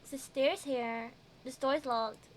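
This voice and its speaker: A woman's voice: sits high, fairly even intonation, measured pace, a little hiss or hum. A woman streaming a game, giggling often and chatting with her viewers as she plays. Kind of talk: casual gameplay commentary.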